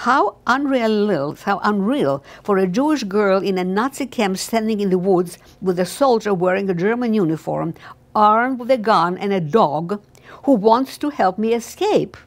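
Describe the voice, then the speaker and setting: A woman's voice: medium pitch, animated, normal speed. An older woman reading her own memoir aloud in an earnest, heartfelt way. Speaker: memoir author.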